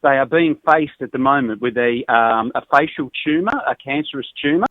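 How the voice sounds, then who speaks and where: A man's voice: medium pitch, animated, a little fast, a little hiss or hum. An Australian man, a local radio presenter, chatting and laughing easily on a phone call into a live stream. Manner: chatty, laughs often, easygoing. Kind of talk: casual chat on a phone call. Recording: tinny phone line, dry.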